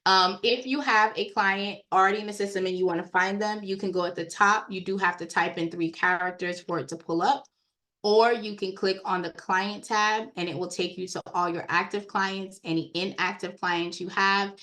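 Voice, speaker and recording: A woman giving a casual, chatty walkthrough of credit repair software on a screen share, talking straight to her viewers. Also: mid-range voice, fairly even intonation, moderate pace. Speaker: software trainer.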